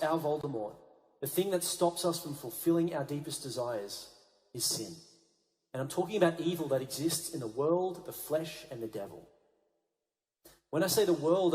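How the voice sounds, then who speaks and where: A man, a Catholic priest, giving an energetic talk at a youth rally in a large conference hall. He drops low and quiet for emphasis.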